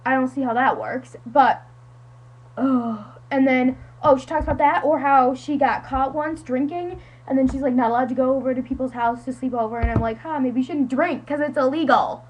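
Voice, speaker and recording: A high, slightly husky teenage girl rambles through a story for a friend, dramatic and self-mocking, dropping "like" all the time. She sounds like a casual vlog made for one person. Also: fairly even intonation, brisk, hardly any pauses, darkish tone, low-quality recording. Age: teens. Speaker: vlogger.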